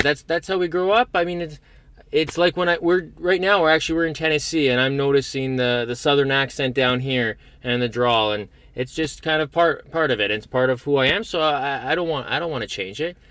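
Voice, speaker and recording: A man's voice: fairly high pitch, a little fast, fairly bright tone. A Canadian man chatting easily as a guest, often restarting his sentences. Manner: stammering restarts, easygoing. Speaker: guest, host's brother. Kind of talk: casual conversation.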